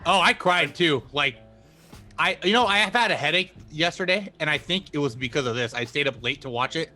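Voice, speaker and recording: A man's voice: fairly high pitch, expressive, fairly quick, pushed and bright, faint music behind. A man co-hosting a podcast, chatting casually and laughing as he acts out his reactions. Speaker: podcast co-host. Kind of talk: casual chat.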